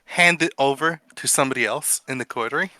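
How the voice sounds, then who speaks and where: A man's voice: mid-range voice, bright, forceful tone, dry recording. A man narrating a tabletop game as game master, casual, with fillers. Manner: casual, quick bursts with fillers.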